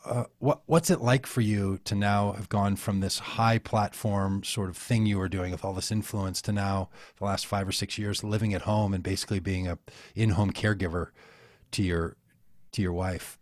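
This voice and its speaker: Earnest rambling man, lowish voice. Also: fairly even intonation, moderate pace, dry recording. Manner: rambling, earnest, storytelling with restarts. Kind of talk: conversational interview.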